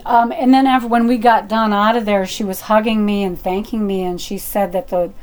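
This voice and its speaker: A middle-aged woman telling a personal story in a chatty, animated way, with fillers and restarts. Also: medium pitch, a little fast.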